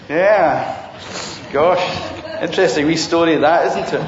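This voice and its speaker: A male preacher telling a story in a sermon, animated and questioning his congregation, recorded in a dull, echoey church hall with a congregation. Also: fairly high pitch, unhurried, crowd noise. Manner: animated, audience-engaging, rhetorical questions.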